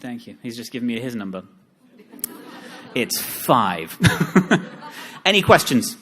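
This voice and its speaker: A man's voice: medium pitch, slow, a little hiss or hum. Joking man giving a seminar talk. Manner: joking, self-deprecating, lively asides. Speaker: seminar speaker. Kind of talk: live seminar talk with audience.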